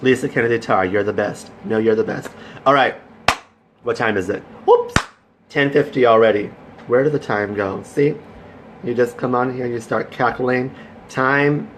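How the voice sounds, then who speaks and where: A man's voice: medium pitch, noisy background. A man hosting a casual live stream, chatty and effusive, greeting viewers by name and cheering them on. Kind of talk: casual Facebook Live chat.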